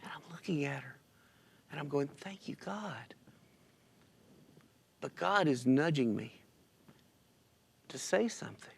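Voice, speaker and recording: A man with a slightly high, creaky and somewhat rough voice speaks at a moderate pace with lively intonation and frequent pauses. He tells of a loss in a casual church interview, tearful and quoting himself and others, recorded on the church stream.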